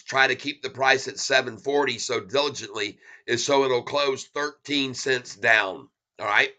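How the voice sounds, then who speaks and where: A man hosting a casual stock market livestream, rambling and excitable, chuckling as he chats with viewers. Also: medium pitch.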